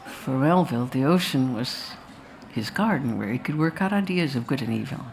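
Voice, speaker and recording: At a festival post-screening talk, a woman filmmaker addresses the audience about her film in an animated bass voice at normal speed, darkish in tone, with a little hiss or hum. She speaks anecdotally and ramblingly, with restarts and asides.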